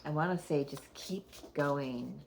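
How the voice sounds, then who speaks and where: A woman's voice: deep voice, measured pace, a little hiss or hum. A middle-aged woman giving a casual spiritual card reading, rambling and thinking aloud, often breaking into laughter. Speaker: oracle card reader.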